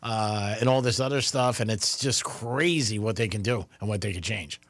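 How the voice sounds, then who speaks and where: A man's voice: lowish voice, moderate pace, a bit bright, no echo. A man hosting a radio show in a studio, chatting casually with his co-hosts and running a call-in contest. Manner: easygoing, runs contests and reads out phone numbers. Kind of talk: casual talk radio banter. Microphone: studio microphone.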